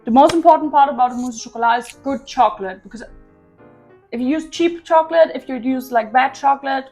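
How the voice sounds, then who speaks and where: A woman's voice: high voice, fast talker, darkish tone, soft background music. A young woman hosting a casual cooking vlog in her home kitchen, bubbly and playful, often giggling. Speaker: vlog host. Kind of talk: casual chat.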